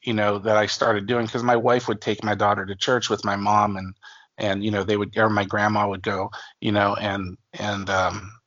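A man's voice: on the low side, little pitch movement, normal speed, fairly bright tone, dry recording. A man in his forties, a guest author on an interview, telling stories casually with lots of fillers and restarts. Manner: rambling, many fillers and restarts, acts out quoted family voices. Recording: dull lo-fi dry audio.

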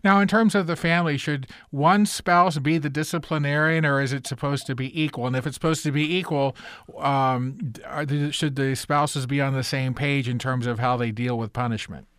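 Smooth-voiced radio host priest. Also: male voice, medium pitch, fairly even intonation, normal speed, fairly bright tone, no echo, clean studio sound. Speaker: priest hosting a radio show.

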